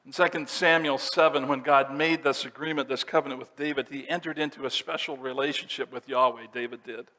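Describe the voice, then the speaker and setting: A male pastor of middle pitch preaching a sermon and working through scripture verse by verse. He explains each passage in a steady teaching manner. His voice carries a long reverb from a church sanctuary. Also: brisk, few pauses.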